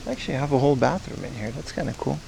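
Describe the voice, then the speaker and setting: Rapid-fire and animated, his medium-pitched voice is creaky yet a little mellow, with some hiss or hum in the audio. He hosts a casual walking livestream, rambling to viewers on hot streets outdoors and at a shrine.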